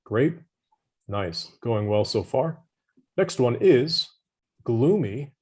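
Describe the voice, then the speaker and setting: A man's voice: mid-range voice, big pitch swings, slow pace, a little mellow, slightly rough. A man tutoring English vocabulary over a video call, patient and encouraging, giving hints and praise. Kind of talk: online vocabulary lesson.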